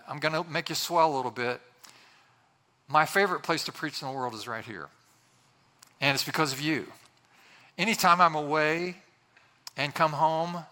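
Brief: male pastor, earnest and chatty sermon delivery, fairly high voice, long church reverb. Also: bright, forceful tone. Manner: earnest, conversational, frequent restarts.

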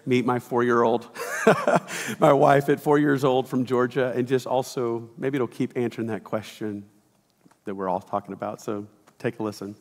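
A middle-aged man preaching a sermon in a lively, conversational way, acting out quotes and sometimes shouting. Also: mid-range voice, normal speed. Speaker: pastor. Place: church auditorium. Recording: reverberant church hall.

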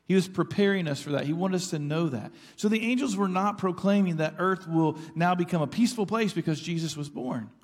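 A man's voice: high voice, brisk, hardly any pauses. A middle-aged man preaching a sermon as pastor, earnest and conversational, with asides to the congregation. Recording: church sanctuary with long reverb.

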